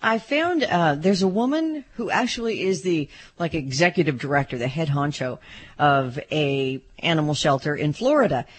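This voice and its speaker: Husky-voiced woman cohost. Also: sits low, lively intonation, moderate pace. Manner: husky, self-deprecating. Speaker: radio cohost. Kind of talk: casual radio chat.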